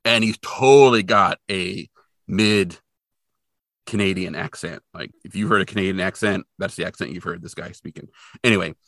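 A man's voice: low voice, normal speed, fairly bright tone, no echo, clean studio sound. A man co-hosting a podcast, recapping an episode in casual chat and adding playful sound effects and asides. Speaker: podcast co-host.

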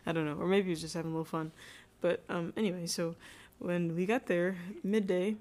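A woman's voice: on the low side, steady tone, a little fast, darkish tone. A woman, co-hosting a podcast and telling a camping story in a rambling, giggly way full of fillers. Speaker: podcast co-host. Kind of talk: casual chat.

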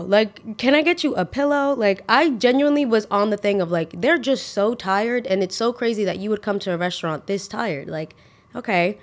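A woman's voice: mid-range voice, darkish tone. A young woman hosting a podcast, telling a casual, ranting storytime with sarcastic asides. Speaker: podcast host.

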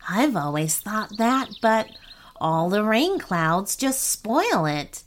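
A woman voicing a gloomy yellow snake in a children's storybook, talking slowly with sighs. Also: medium pitch, sing-song. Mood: glum. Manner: miserable, sighing, slow.

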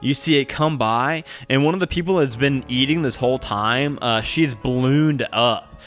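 A man's voice: medium pitch, normal speed, a bit bright, soft background music. Young man rambling as game master. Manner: casual, full of fillers like "like" and "uh". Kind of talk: narrating a tabletop game.

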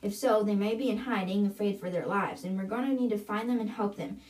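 Woman reading a steady determined teen girl, persuasive, sounds distant. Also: medium pitch, fairly quick, close to an everyday voice. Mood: earnest. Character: determined teen girl leading her classmates.

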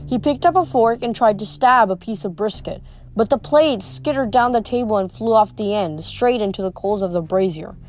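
A woman's voice: mid-range voice, moderate pace, a little mellow. A woman reading a novel aloud, with frequent slips and restarts. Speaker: reader.

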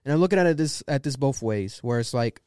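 A man's voice: medium pitch, expressive, quick pace, darkish tone, clean tone, no echo, clean studio sound. A man hosting a casual podcast, giving loose, profane opinions on music news. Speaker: podcast host.

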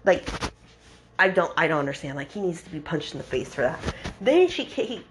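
A woman's voice: low-pitched, a little fast, slight background noise. Exasperated young woman recapping a book. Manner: animated, exasperated, mock-quoting characters. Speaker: podcast host reviewing a book.

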